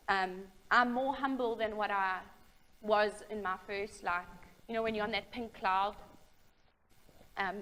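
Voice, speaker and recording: A woman's voice: mid-range voice, a bit bright, rough recording. Candid woman sharing her recovery story. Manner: candid, halting, with frequent fillers and restarts. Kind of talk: personal testimony.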